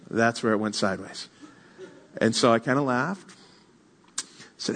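A man preaching a sermon, telling a story with lively acted-out quotes and then reading scripture to the congregation. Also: medium pitch, moderate pace, pauses often. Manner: animated storyteller, acts out quotes. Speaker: pastor.

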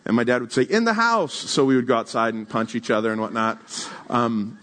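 A young adult man preaching a sermon to a congregation, mixing scripture with personal stories and casual asides, slowing down for emphasis and speeding through side remarks. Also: medium pitch, flat delivery, fairly bright tone. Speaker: pastor.

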